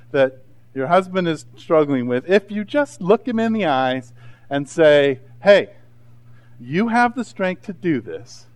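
Animated male pastor preaching. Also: a little high. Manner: animated, conversational preaching with voiced asides. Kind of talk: sermon.

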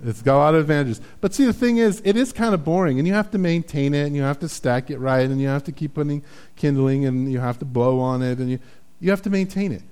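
A man's voice: a little high, quick pace, a little mellow, smooth. A man preaching a sermon in a conversational, self-deprecating way, often checking in with "right?". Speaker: pastor.

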